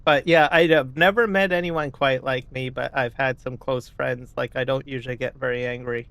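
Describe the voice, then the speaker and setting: A man streaming a farming game, chatting casually and rambling, often asking "right?" and clearing his throat. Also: medium pitch, fairly even intonation, moderate pace, fairly bright tone, dry recording. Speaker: gaming streamer. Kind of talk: casual live-stream chat.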